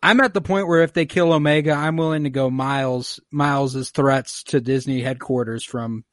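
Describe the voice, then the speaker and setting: A young man hosts a casual podcast, telling the episode's events in an animated, joking way. His pitch sits in a middle range, and the recording is dry and close with no room sound. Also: normal speed, no echo. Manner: animated storytelling recap with swearing and jokes. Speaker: podcast host. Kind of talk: casual podcast recap chat.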